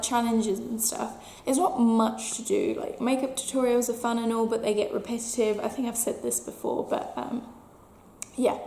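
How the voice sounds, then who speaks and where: A woman's voice: a little high, vocal fry, darkish tone. A young woman chatting casually through a makeup tutorial, filling her talk with "like" constantly. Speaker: beauty vlogger. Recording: echoey room.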